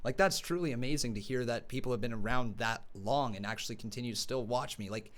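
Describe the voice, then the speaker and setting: A man's voice: medium pitch, fast talker, fairly bright tone. A man hosting a live call-in stream, chatty and friendly, laughing easily with callers. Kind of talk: casual call-in chat.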